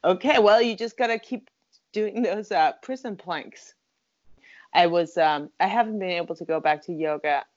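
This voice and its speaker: A woman's voice: on the low side, moderate pace, dry recording. A middle-aged woman co-hosting a podcast, chatting casually and teasing her partner, often laughing. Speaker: podcast co-host. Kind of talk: casual chat. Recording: dull lo-fi sound.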